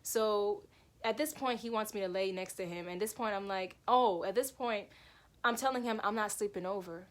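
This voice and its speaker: A woman's voice: mid-range voice, moderate pace. A woman telling a personal story to camera in a loose, emphatic, rambling way. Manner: animated, emphatic, lots of "like" and "yo".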